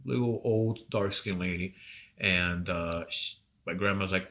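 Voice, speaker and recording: A man co-hosting a podcast, telling a long story in a rambling, profane, animated way while coming down with a cold. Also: deep voice, a little slow. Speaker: podcast co-host. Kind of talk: casual storytelling chat.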